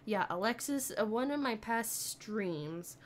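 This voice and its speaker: Young woman, streamer, giggly, rambling, unhurried, lively pitch. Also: slight background noise. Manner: giggly, reads chat aloud, rambling. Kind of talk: casual live-stream chat while gaming.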